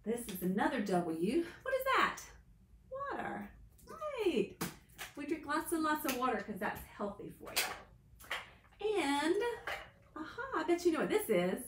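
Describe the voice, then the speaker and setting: A woman's voice: sits high, wildly swooping pitch, unhurried, pauses often, roomy sound, a little hiss or hum. A woman teaching young children their letters, reading a picture book aloud with a sing-song, exaggerated storytelling voice. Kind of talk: children's lesson and read-aloud.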